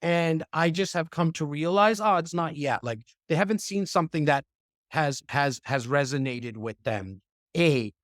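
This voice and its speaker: Animated man on a dry mic. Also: a little high, measured pace, no room sound. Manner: animated, conversational, repeats words as he talks. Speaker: podcast guest; real estate investor and speaker. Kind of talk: casual interview chat.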